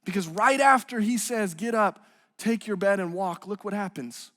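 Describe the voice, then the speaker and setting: A man's voice: sits high, normal speed, a bit bright, long reverb tail. A man preaching a sermon as a student ministry pastor, earnest, building intensity as he retells scripture. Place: church auditorium.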